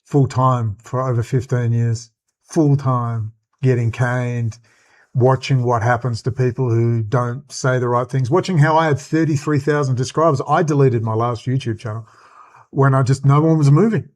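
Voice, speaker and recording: Australian man, channel host, angry rambling commentary, profane, mid pitch. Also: steady tone, normal speed, a little mellow.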